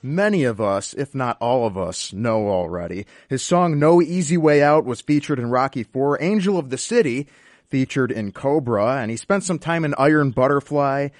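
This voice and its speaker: Male show host, upbeat and admiring, mid pitch, dry close sound. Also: animated, moderate pace, no echo. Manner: enthusiastic, admiring introductions. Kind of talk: interview hosting.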